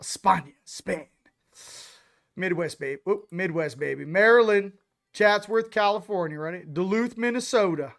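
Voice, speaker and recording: A man hosting a casual livestream, giving hyped shout-outs and rambling loosely to viewers. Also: high voice, moderate pace, vocal fry. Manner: loose, rambling, repeats "ladies and gents". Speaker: host.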